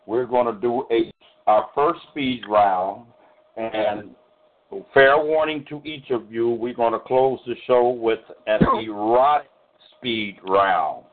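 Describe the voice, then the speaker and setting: A man's voice: medium pitch, slow. A man hosting a poetry show, announcing with emphatic, showman-like energy. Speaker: host. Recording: tinny phone line.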